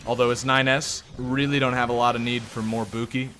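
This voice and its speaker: A man's voice: mid-range voice, little pitch movement, a little fast, pushed and bright, faint music behind. Joking, profane male gameplay streamer. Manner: rambling, joking, profane, self-deprecating, laughs often. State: sore, strained throat. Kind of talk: casual live gameplay commentary.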